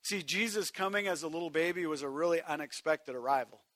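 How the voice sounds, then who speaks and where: A man preaching a sermon to a congregation, swinging from hushed, quiet passages to shouted emphasis and speaking directly to his listeners. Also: fairly high pitch, fairly quick, no room sound. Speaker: pastor.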